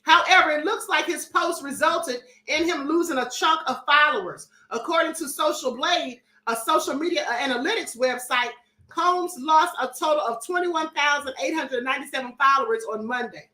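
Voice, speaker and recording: A woman's voice: high-pitched, normal speed, bright, forceful tone, echoey room. A woman hosting a live-stream commentary show, reading chat comments aloud in a sassy, defiant and emphatic way.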